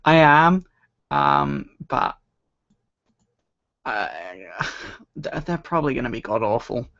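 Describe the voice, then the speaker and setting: A man's voice: medium pitch, very animated, takes it slowly, a bit bright. A young man from Scotland, casually chatting as a livestream host answering viewer questions, rambling and self-deprecating. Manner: rambling, self-deprecating, laughs at own stories. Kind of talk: casual chat. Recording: dull lo-fi home stream audio.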